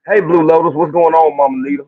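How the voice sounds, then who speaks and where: A man's voice: fairly high pitch, steady tone, quick pace. A man hosting a live stream, talking in a loose, slangy way and greeting viewers by name. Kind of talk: casual chat on a live stream. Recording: phone-like thin line.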